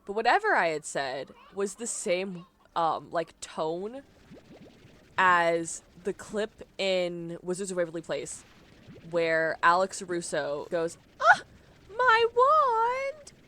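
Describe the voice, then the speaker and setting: A woman's voice: fairly low pitch, animated, slow pace, fairly bright tone. A young adult woman streaming a game live, chatting casually and rambling, often breaking into laughs. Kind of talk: casual live-stream chat while gaming.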